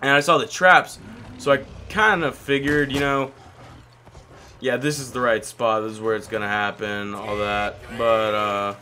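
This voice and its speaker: A man's voice: medium pitch, fairly even intonation, unhurried, sharp tone, a little hiss or hum. A man casually commenting on his own gameplay as a video host, rambling and talking to himself, with a cracky voice that breaks now and then. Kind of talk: casual let's-play commentary.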